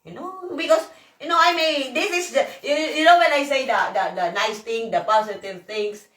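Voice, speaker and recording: A hoarse woman vlogger, ranting in a profane, rambling, emphatic way. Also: high-pitched, normal speed, a bit bright, recorded from a distance. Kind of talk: emotional rant to camera. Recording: echoey room, voice off-mic.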